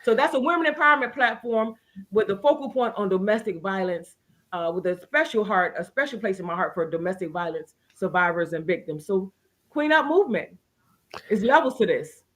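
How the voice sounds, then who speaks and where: A woman speaks in an earnest, heartfelt way, often stopping and starting as she tells her story. Her voice sits at an ordinary middle pitch for a woman. She comes across as a guest in a casual interview. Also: lively intonation, fairly quick, fairly bright tone. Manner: earnest, emotional testimony with many restarts.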